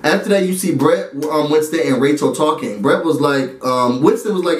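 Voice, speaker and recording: Animated, chatty man recapping for viewers. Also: a little high, normal speed, few pauses, roomy sound, far from the mic. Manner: animated, chatty, talks straight to viewers with asides. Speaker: reality TV recap YouTuber. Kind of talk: casual recap and review vlog.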